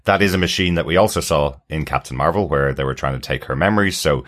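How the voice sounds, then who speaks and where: A man's voice: very deep voice, fast, fairly bright tone. A man co-hosting a podcast, explaining at length in casual chat with frequent fillers. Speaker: podcast co-host.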